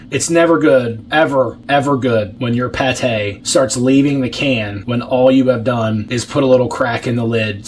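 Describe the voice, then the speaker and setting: A man's voice: medium pitch, a little hiss or hum. Chatty, swearing man reviewing rations. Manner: chatty, blunt and swears freely; talks while unpacking and tasting food. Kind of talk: casual food-tasting vlog.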